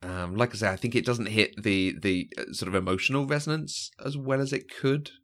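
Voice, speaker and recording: A man's voice: fairly low pitch, fairly quick, a bit bright. A man co-hosting a podcast, chatting casually about a film, hesitant with many fillers and frequent laughs. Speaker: podcast co-host. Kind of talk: casual film review chat.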